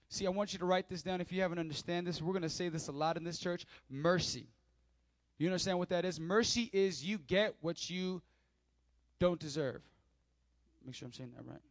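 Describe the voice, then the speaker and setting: A male pastor delivers a sermon in a notably high voice, recorded dry with no room sound. He reads scripture aloud, then drives the point home to his congregation with emphatic repetition and direct questions. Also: normal speed, no room sound. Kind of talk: sermon with bible reading.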